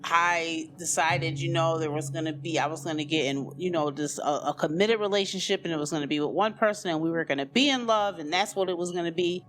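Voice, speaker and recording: Woman telling her own story, lots of you know and like, jumps way up in pitch for quotes, faint music under it. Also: brisk, hardly any pauses. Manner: conversational, many "you know" and "like" fillers; acts out quoted voices with sharp rises in pitch. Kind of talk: personal storytelling.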